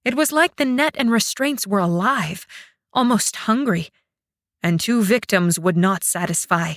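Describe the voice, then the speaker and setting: A woman narrating a fantasy audiobook in a dramatic, expressive way. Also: medium pitch, measured pace, no echo, clean studio sound.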